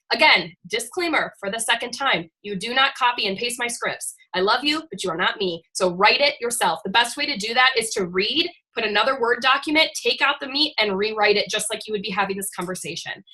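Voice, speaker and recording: A woman with a bright, forceful voice pitched a little high leads her team through a call. She is blunt and chatty, with some casual swearing. The sound comes through a video call. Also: low-quality recording. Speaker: fitness team coach.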